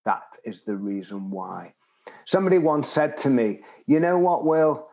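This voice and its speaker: A man's voice: mid-range voice, big pitch swings, a little slow, mellow, dull audio. A man in his seventies, a guest in an interview, who tells stories with animation and acts out the people he quotes. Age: 70s. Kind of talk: interview conversation.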